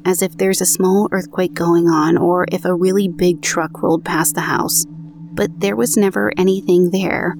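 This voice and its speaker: A woman's voice: on the low side, darkish tone. A woman podcast host reading listener ghost stories aloud from her recording booth, adding conversational, self-deprecating comments of her own.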